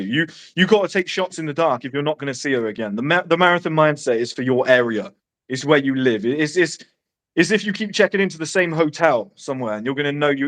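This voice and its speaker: A man's voice: medium pitch, fairly bright tone. A man giving brash, profane dating advice in casual podcast chat. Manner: brash, swearing, quick one-liners.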